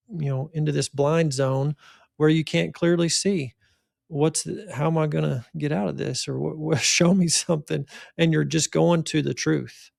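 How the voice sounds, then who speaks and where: A man's voice: on the high side, vocal fry, darkish tone, no echo, studio quality. A man hosting a faith-centered podcast, speaking in an encouraging, preacherly, folksy way. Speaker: podcast host, physician.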